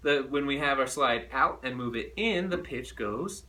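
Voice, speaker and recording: A man teaching a recorded music lesson to children, animated and playful as he demonstrates. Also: medium pitch, moderate pace, recorded from a distance, very noisy.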